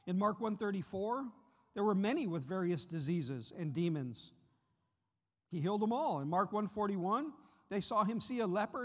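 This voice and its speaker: Guest preacher, male, higher voice, earnest, lifts his pitch for quoted cries, big reverberant church sound. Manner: earnest, voice rises sharply when voicing the disciples' cries. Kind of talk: sermon. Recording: long reverb of a large hall.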